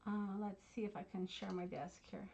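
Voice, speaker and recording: Crafting at her desk at home, this woman hosts a craft channel, chatting away, teasing herself, and addressing viewers as "y'all." She talks briskly in a lowish, darkish voice with vocal fry, and there's a slight hiss or hum.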